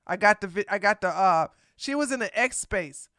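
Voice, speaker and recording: A woman's voice: medium pitch, lively intonation, normal speed, fairly bright tone, no room sound, clean studio sound. A woman hosting casual reaction commentary. She is blunt and sassy and laughs often. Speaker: commentary host.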